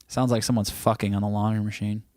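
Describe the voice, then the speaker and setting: A man's voice: lowish voice, flat delivery, fast, darkish tone. Playful American man chatting on a livestream. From United States. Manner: playful, joking, breaks into bits of song. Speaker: livestream host. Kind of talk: casual livestream chat reading viewer comments.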